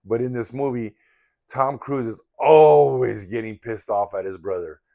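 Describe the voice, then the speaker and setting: A man's voice: medium pitch, unhurried, vocal fry, warm tone, muffled recording. An older man telling a personal story in a casual, rambling, candid and reflective way. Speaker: vlogger in sobriety recovery.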